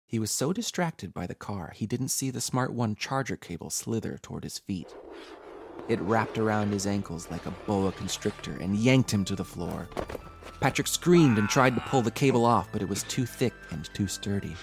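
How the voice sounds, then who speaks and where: A man hosting a horror podcast, reading a scripted horror story with dramatic, measured delivery. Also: on the low side, expressive, creaky. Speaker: horror podcast host and narrator. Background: faint music.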